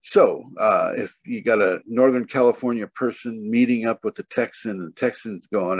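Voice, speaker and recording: A low-voiced man teaches spiritual matters over a video call, rambling and leaning on "you know" and "okay". His voice comes through dry and close, with no room echo. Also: moderate pace, hardly any pauses, breathy edge. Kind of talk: spoken online teaching.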